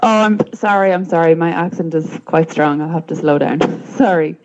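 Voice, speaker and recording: A woman's voice: low voice, moderate pace, a little mellow. Hesitant woman asking a question. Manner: hesitant, apologetic, many fillers. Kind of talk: seminar question. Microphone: video call. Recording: muffled lo-fi call audio.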